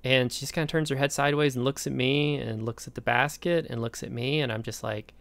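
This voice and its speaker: An American man giving a recorded lecture, telling a story from his own life in an animated way. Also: mid-range voice, fairly quick, no echo. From United States. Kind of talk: recorded lecture with a personal anecdote.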